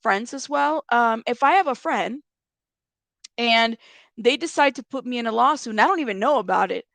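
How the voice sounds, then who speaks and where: A woman's voice: fairly high pitch, animated, normal speed, creaky, a bit bright, dry recording. A woman hosting a casual commentary channel, talking bluntly and rambling with frequent restarts and swearing. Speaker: YouTube commentary host.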